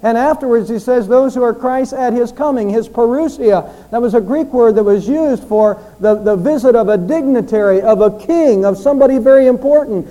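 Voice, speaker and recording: A man preaching a sermon, explaining and repeating phrases for emphasis and slowly drawing out the key lines. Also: very high voice, warm tone, poor audio.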